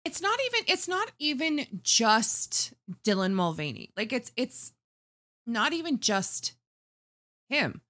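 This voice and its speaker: A woman's voice: fairly high pitch, sing-song, slow, pushed and bright, dry recording. A woman co-hosting a podcast, making blunt, sardonic remarks in casual chat. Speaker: podcast co-host.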